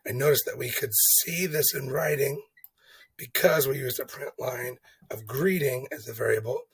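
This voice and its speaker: A man's voice: medium pitch, moderate pace, creaky, slightly rough, rough recording. A man explaining coding exercises in a casual lesson, chatty and thinking aloud, often checking in with "okay?". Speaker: teacher walking through coding exercises. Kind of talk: casual screen-recorded lesson.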